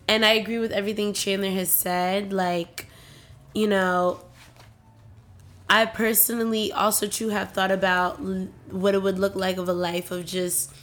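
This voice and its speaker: A woman's voice: medium pitch, a bit bright. A young adult woman co-hosting a podcast in casual chat, supportive and affirming. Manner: supportive, affirming, listening with frequent yeahs. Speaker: podcast co-host.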